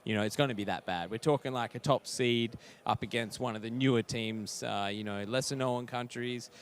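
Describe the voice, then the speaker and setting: A man's voice: medium pitch, brisk. A young man giving casual esports commentary, chatty and analytical with lots of fillers and teasing banter.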